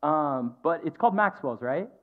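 A man's voice: fairly high pitch, expressive, moderate pace. A pastor in his thirties giving a conversational, earnest sermon to his church. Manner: conversational, earnest storytelling with filler ums. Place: church stage. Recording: tinny phone-like sound.

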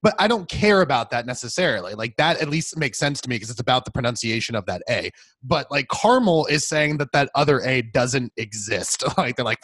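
A man's voice: mid-range voice, lively intonation, fairly quick, fairly bright tone, no room sound. A man co-hosting a casual chat, ranting with emphatic profanity. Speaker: podcast co-host.

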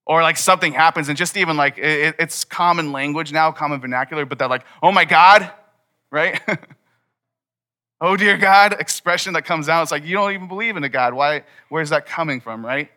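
Young male pastor, bright and a touch high, casual sermon delivery. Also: fairly quick. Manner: casual, conversational preaching with many "like"s. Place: church hall before a congregation.

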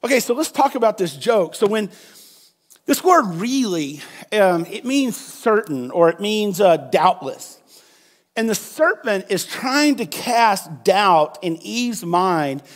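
A man preaching a conversational sermon, checking in with his listeners and often repeating words. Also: sits high. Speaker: pastor.

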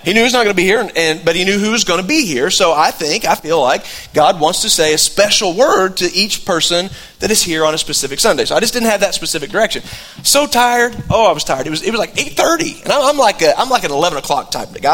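A middle-aged male pastor delivers his sermon in a high, light voice. He tells it like a story, conversational and loose, often breaking off and restarting his sentences. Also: lively intonation, fast, fairly bright tone.

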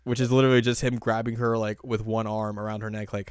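A man's voice: fairly low pitch, level tone, fast, hardly any pauses, darkish tone, clean tone, no room sound. A man co-hosting a casual chat, dry and teasing, often laughing. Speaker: podcast co-host.

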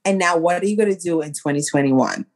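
A woman's voice: fairly low pitch, fast. A woman co-hosting a podcast in casual chat, rambling and tipsy, playful and loose. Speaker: podcast co-host.

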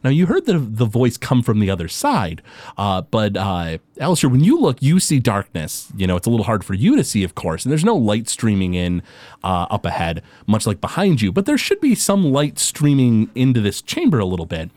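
Halting, lively-voiced male game master. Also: lowish voice. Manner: filler-heavy, halting delivery. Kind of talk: hosting and narrating a tabletop game.

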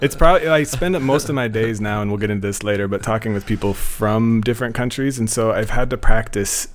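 Laughing, rambling guest from Spokane. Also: male voice, lowish voice, fairly quick. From Spokane, Washington, USA. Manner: laughs often, restarts and rambles. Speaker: podcast guest. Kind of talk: casual chat.

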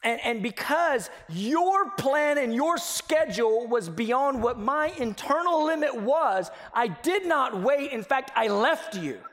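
High-voiced man preaching in a reverberant hall. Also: takes it slowly, hardly any pauses. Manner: animated, acts out everyday dialogue in little scenes; drops to a near whisper for emphasis. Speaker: pastor. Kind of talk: sermon.

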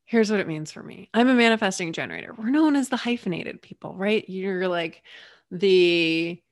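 A woman hosting a solo podcast tells a personal story in an expressive, lively way. She acts out quoted voices and drops into whispered asides. The sound is dry and close, with no room echo. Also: mid-range voice, moderate pace. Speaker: podcast host.

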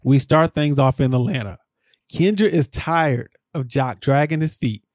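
A man co-hosting a podcast, rambling through a casual recap and jumping up in pitch when he gets exasperated. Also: unhurried, a little mellow, no room sound, studio quality. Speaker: podcast co-host.

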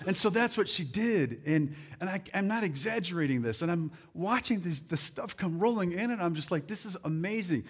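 Animated preaching man, slightly high voice. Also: slightly rough. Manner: animated, rallies the crowd with "come on"; reads scripture slowly and deliberately. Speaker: pastor. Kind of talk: sermon.

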